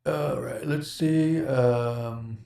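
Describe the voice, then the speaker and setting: Podcast host, male, gravelly, rambling storyteller who keeps interrupting himself. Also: medium pitch, drawn-out words, mellow. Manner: rambling, laughs often, self-interrupting. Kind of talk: casual storytelling chat.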